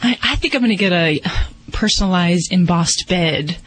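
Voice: medium pitch, normal speed, a bit bright, no room sound. A vet co-hosting a talk radio show, asking callers friendly questions. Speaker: veterinarian co-host.

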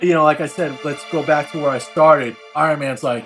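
High-voiced man rambling with music behind. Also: a little fast, hardly any pauses, a bit bright, husky. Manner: rambling and profane, heavy use of filler phrases and slang. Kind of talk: casual retelling of a comic book story.

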